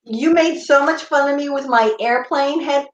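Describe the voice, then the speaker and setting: A woman co-hosting a chatty show from home, animated and easily sidetracked. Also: high voice, normal speed, echoey room, muffled recording, a little hiss or hum. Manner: animated, scattered, laughing. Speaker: podcast co-host. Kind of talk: casual chat. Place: home room.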